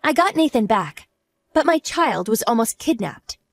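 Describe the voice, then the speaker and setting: A woman voicing a wronged wife in an audio drama, smug and sarcastic as she calmly mocks. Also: on the high side, normal speed, no echo. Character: cool, mocking wronged wife, adult woman.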